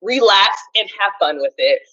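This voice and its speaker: Woman, forceful bright voice, husky edge, seminar presenter, dull lo-fi recording. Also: medium pitch, normal speed. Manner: loud and energetic. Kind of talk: college communication seminar talk.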